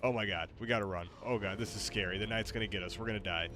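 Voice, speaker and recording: A man's voice: on the low side, steady tone, racing, hardly any pauses, music in the background. A man streaming a game, exclaiming in panic and joking with his AI companion. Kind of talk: casual game commentary.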